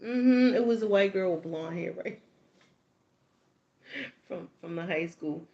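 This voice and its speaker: A middle-aged woman hosting her own channel, telling a story in a casual, animated way, laughing often and acting out the people in it. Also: fairly low pitch, unhurried, vocal fry, muffled recording. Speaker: tarot channel host.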